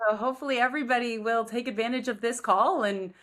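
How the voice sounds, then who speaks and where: A woman hosting a podcast interview, chatting casually, self-deprecating and quick to laugh. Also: on the high side, fairly bright tone. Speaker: podcast host.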